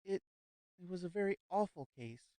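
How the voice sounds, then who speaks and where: A man's voice: high voice, lively intonation, moderate pace, mellow, no echo, voice pushed up. A man putting on a nervous, stammering society lady. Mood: anxious. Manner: nervous, hesitant, stammering repeats. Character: anxious fussy society lady hostess.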